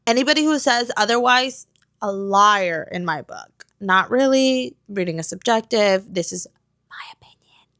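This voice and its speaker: Young woman, twenties, casual book vlog on phone at home, gushy and dramatic, a touch high-pitched. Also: fairly bright tone. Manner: gushing, dramatic, swears freely. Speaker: book vlogger. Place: home, at night.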